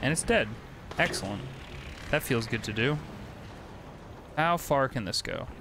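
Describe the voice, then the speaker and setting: This young male streamer has a mid-range, sing-song voice with vocal fry, speaking a little slowly. He swears freely and chats with viewers during casual gameplay commentary, against a noisy background of game music and sound effects.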